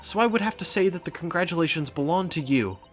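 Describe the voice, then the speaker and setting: A gentle, humble young woman answers with soft courtesy, as a man reads her lines. Her game dialogue is modest and polite, with lively pitch movement. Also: quick pace, soft background music, close to an everyday voice.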